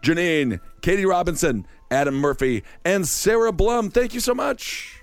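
Midwestern guy hosting a podcast, reading names and joking around, high voice that jumps all over, faint music underneath. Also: expressive, normal speed, dry recording. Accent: Midwestern American. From Wisconsin. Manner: playful, jokey. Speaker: podcast host. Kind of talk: reading supporter names with banter.

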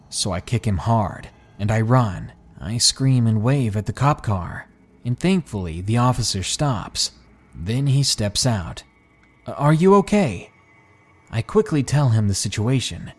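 Low-voiced male horror narrator. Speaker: horror story narrator and channel host. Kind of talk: scripted narration of a horror story. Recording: faint background music.

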